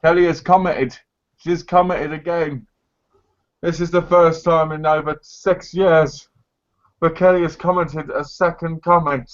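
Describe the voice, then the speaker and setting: A man's voice: a little high, flat delivery, a little slow, dull audio. An English man co-hosting a casual live chat, blunt, sweary and mock-boastful. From England. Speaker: co-host. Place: living in America.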